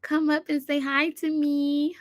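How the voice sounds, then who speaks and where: A woman's voice: sits high, level tone, a little slow, dry recording. A woman hosting a casual livestream on her computer, chatting and reciting affirmations with frequent laughs. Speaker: livestream host. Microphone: computer mic.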